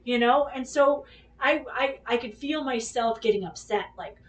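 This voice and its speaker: A podcast host with a slightly high voice tells a personal story in a loose, rambling way at normal speed, speaking candidly, swearing freely, and acting out what each person said. She sits a little back from the mic, so she sounds slightly distant.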